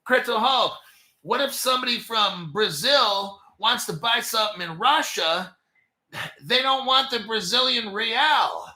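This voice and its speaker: Hyped, high-pitched man in an echoey room. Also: pushed and bright. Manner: hyped, profane, jokey. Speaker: crypto channel host. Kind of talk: casual video commentary.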